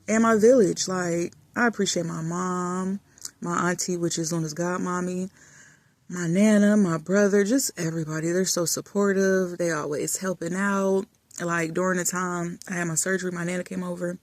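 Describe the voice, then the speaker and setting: A woman vlogger chatting casually and affectionately while lying in bed in a dark room, often dropping to soft murmurs. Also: on the low side, no echo. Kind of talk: casual chat.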